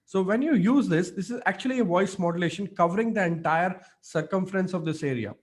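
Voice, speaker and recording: Male speaking coach on a video call, lively and hands-on, slightly high-pitched, filler-heavy. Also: brisk. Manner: energetic, demonstrative, frequent fillers. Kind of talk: online mentorship session.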